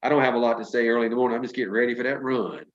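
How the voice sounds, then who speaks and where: A man's voice: mid-range voice, fairly even intonation, rapid-fire, muffled recording. A man in his sixties giving an emphatic, preachy motivational pep talk to a sales team over a video call, with folksy storytelling.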